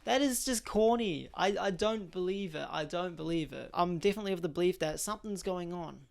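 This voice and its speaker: A man's voice: high voice, fairly quick, gravelly. A young man, hosting a podcast and giving blunt, slangy opinions in casual chat. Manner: blunt and slangy, laughs at his own jokes. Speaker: podcast host.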